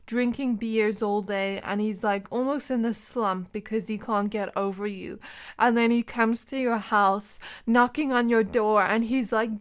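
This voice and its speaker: A woman with a fairly high voice gives a casual pick-a-card tarot reading. She talks in a loose, chatty way, giggles often and leans on "like" as a filler. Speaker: tarot reader.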